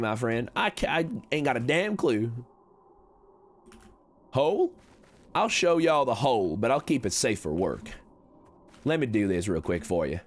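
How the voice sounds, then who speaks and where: A man streaming a game in character as a chatty cowboy con man, reading chat with folksy talk and sudden high excited jumps. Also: a little slow, pauses often.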